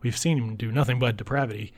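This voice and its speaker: A man giving a casual recap of a film, talking bluntly with profanity and dropping into breathy whispered asides. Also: medium pitch, quick pace. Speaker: film reviewer.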